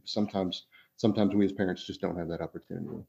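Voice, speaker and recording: Deep-voiced man, rambling podcast talk. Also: fairly even intonation, fast, creaky, darkish tone. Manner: rambling, many fillers and restarts. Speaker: podcast co-host. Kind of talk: casual podcast discussion. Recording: dull lo-fi sound.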